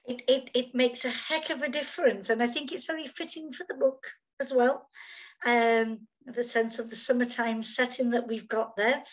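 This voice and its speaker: A woman's voice: on the high side, fairly even intonation, moderate pace, dull audio. Chatty woman hosting a video interview. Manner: chatty with many fillers. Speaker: host. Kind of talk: casual interview. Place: outdoors in summer.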